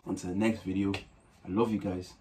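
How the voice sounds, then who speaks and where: A man's voice: sits low, level tone, a little fast, dark tone, a little hiss or hum. A young Irish man hosting a music reaction video, talking in a loose, slangy way and often adding "you know what I'm saying". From Ireland. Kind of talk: casual reaction commentary.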